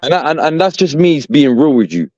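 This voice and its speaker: A man's voice: a little high, sing-song, a little fast, a crowd in the background. A young man ranting as a podcast co-host, profane and exasperated, saying "bruv" constantly. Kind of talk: heated fan rant. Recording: dull, dry lo-fi sound.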